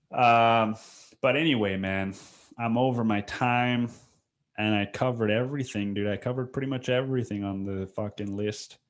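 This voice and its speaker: Podcast host, young adult man, lower voice, loose and confessional, casual swearing. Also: fairly even intonation, moderate pace. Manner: rambling and candid, says "dude" and "man" often, swears casually. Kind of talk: casual solo podcast monologue.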